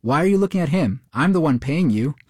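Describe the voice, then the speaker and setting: A man's voice: on the high side, animated, brisk, a little mellow, husky, no room sound, clean studio sound, voice pushed up. A man voicing a pushy, demanding woman passenger, a mother who talks curtly and bossily. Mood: bossy. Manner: curt and bossy.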